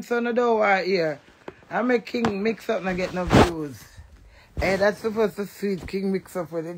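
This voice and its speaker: A middle-aged woman in a blunt, profane, animated casual rant to the camera. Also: mid-range voice, gravelly.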